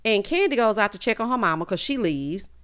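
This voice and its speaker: A woman's voice: medium pitch, animated, brisk, fairly bright tone, smooth. A woman hosting a casual reality TV recap, telling it with sassy, dramatic flair and lots of 'honey' and 'child'.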